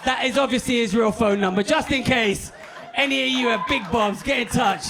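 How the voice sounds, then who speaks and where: A man doing stand-up with a very high-pitched voice. He tells his story in a punchy, animated way, swears freely and leans into petty humour. He speaks into a handheld stage mic in a comedy club. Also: brisk, gravelly, background noise.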